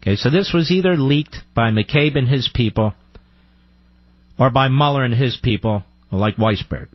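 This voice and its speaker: Combative talk radio host, husky. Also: male voice, medium pitch, normal speed, no room sound, dull audio. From United States. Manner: combative, sarcastic, rhetorical questions.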